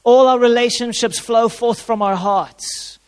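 A man preaches in a high, light voice, driving his points home by repeating them. His words ring out with a long echo, as if he stands in a big hall. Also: steady tone, unhurried, smooth. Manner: repeats key phrases for emphasis, uses props. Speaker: pastor. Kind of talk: sermon.

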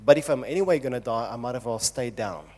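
A man's voice: mid-range voice, fast talker, darkish tone, close to an everyday voice. A man preaching who voices King David as a desperate man pleading urgently with God. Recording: long hall reverb.

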